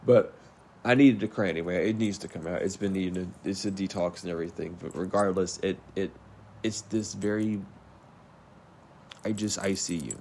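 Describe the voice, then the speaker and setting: A man's voice: low-pitched, normal speed, a little mellow, a little hiss or hum. A man giving an earnest, rambling spiritual pep talk, speaking straight to the viewer in a soothing, repetitive way. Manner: earnest, rambling, repeats himself. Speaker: spiritual reader.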